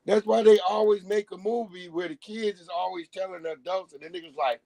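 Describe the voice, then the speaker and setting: A man's voice: high voice, fairly even intonation, a little fast, gravelly, hardly any pauses, darkish tone, no echo, low-quality recording. A man on a live stream, ranting bluntly in casual talk and acting out the voices of people he quotes. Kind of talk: casual profane rant.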